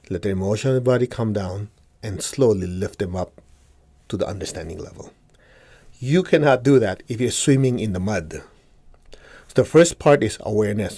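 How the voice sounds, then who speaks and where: A man's voice: on the low side, expressive, fairly quick, mellow, breathy edge. A man teaching a meditation group, explaining ideas step by step, asking the audience questions and acting out inner dialogue. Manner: explanatory, asks the audience questions and answers them; acts out inner dialogue in quotes. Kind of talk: spiritual teaching talk to a group.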